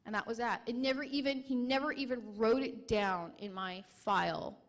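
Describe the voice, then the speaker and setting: A young adult woman, a military veteran, giving a personal testimony at a conference in an emotional, halting way with many restarts. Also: fairly high pitch.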